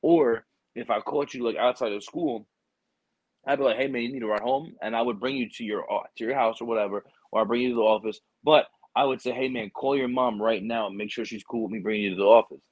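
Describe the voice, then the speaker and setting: A man, a military recruiter, chatting casually and telling rambling, animated stories full of quoted dialogue and swearing. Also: medium pitch, fast, no echo, lo-fi sound. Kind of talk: casual chat.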